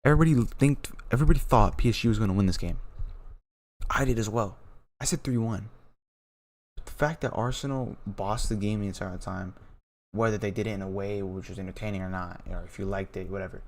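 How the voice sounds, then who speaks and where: A young man giving casual live reaction commentary on a penalty shootout, excitable and repeating himself, sometimes trailing off into quiet awe. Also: fairly low pitch, fairly quick. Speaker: watch-along streamer.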